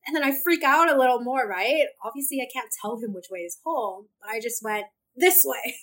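A young woman from Hong Kong, a podcast guest telling a story in a lively, casual way and laughing often. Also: a little high, a little fast. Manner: animated, laughs often, acts out her own thoughts.

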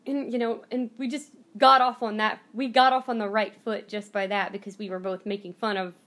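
A woman's voice: medium pitch, level tone, fairly quick, fairly bright tone. An American woman hosting her own channel, telling a heartfelt story casually to camera with many restarts. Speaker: channel host, reborn doll collector.

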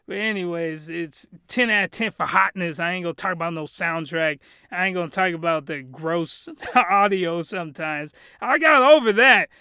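A man hosting his own anime review show from a small closet studio, talking in an excitable, slangy way and repeating phrases for emphasis. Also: high-pitched, clear, resonant tone, no room sound. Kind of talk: casual review rant.

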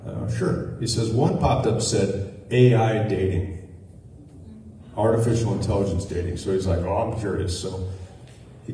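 A man's voice: fairly low pitch, mellow, slight background noise. A man delivering an earnest sermon to a church congregation, telling a story partway through. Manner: earnest preaching with a spoken anecdote. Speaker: guest preacher. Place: church sanctuary. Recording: echoey hall, miked from a distance.

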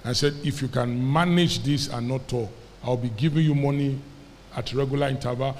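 A man's voice: medium pitch, moderate pace. Nigerian man, pastor, sermon storytelling, quoted dialogue, reverberant church hall, faint room noise. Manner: animated storyteller, quoting characters, calling on the congregation to repeat.

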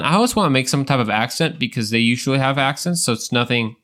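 A young adult man hosts a Christian podcast, talking casually and earnestly. He rambles and restarts his sentences as he tells stories, in a voice of average pitch for a man. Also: animated, fast, sharp tone. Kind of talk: casual podcast talk with storytelling.

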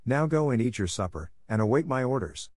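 A man's voice: medium pitch, expressive, brisk, a little mellow, no room sound, voice pushed up, lightly acted. A man voicing an angry, stern male beast who rules a palace, speaking in a grim, commanding way in an audiobook reading.

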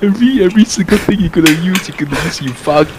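A young man co-hosting a casual podcast, mocking his friends and jumping into squeaky impressions. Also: expressive, rapid-fire, noisy background. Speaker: podcast co-host. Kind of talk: casual chat among friends.

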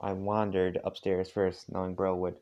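Tired man reading aloud, deep voice. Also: completely flat delivery, dull audio. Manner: halting, with frequent asides and filler. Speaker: fanfiction reader. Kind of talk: casual reading aloud of a story. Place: dark room at home.

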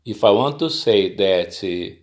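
A man, not an English speaker, slowly explaining a grammar rule, halting and careful with many fillers. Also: fairly low pitch, expressive. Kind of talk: slow spoken grammar lesson.

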